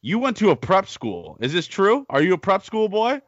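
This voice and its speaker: A man's voice: sits high, huge pitch swings, normal speed, no room sound, muffled recording. A man from Canada hosting a podcast, chatting with a guest in a playful, teasing way. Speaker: podcast host. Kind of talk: casual interview chat.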